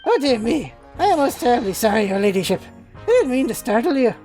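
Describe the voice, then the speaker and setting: A woman's voice: on the high side, very animated, fast, dark tone, soft background music. A woman voicing a fawning, middle-aged English male police inspector who rambles in a flustered, over-polite way, with an English accent. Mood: obsequious.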